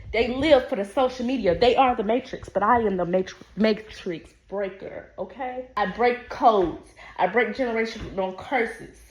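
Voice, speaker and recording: A woman hosting a podcast, talking in a brash, profane, sassy monologue about loving herself. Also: medium pitch. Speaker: podcast host. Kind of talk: unscripted motivational monologue.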